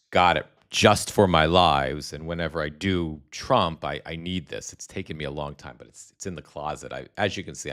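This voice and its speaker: A man's voice: a bass voice, a bit bright. A man hosting a live stream from home, rambling casually with self-deprecating asides and frequent restarts.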